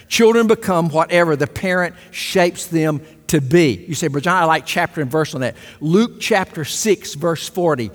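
A man's voice: fairly high pitch, in a large hall. A middle-aged man preaching a sermon, emphatic, repeating key phrases and asking the congregation for agreement. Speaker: pastor.

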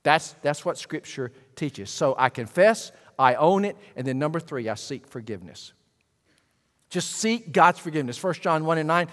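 A pastor preaches in a fairly high voice, talking to his congregation in a conversational way. Quiet asides turn into loud bursts. His words carry a long reverb through a large church sanctuary. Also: lively intonation, normal speed. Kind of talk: sermon.

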